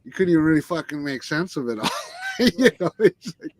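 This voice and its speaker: A man's voice: fairly high pitch, sing-song, fairly quick, dry recording. A man, a guest musician, telling stories in a rambling, casual way, often swearing and restarting and tagging lines with "eh". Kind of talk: casual storytelling.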